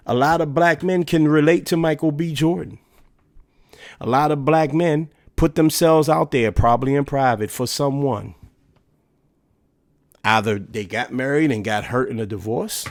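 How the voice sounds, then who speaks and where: A man's voice: a little high, dry recording, clean studio sound. A man in his thirties hosting a solo podcast, talking casually and emphatically and asking rhetorical questions. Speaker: podcast host.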